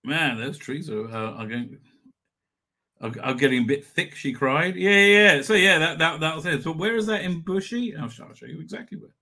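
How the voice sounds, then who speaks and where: Chatty, bright-voiced man. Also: fairly high pitch, animated, normal speed. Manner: rambling, swears, chuckles often. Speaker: livestream host. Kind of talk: casual live chat reading comments.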